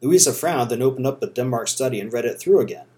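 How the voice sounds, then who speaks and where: A male narrator reading a novel aloud, steady and measured. His voice sits at a middling pitch and he tells the story evenly. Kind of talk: audiobook narration.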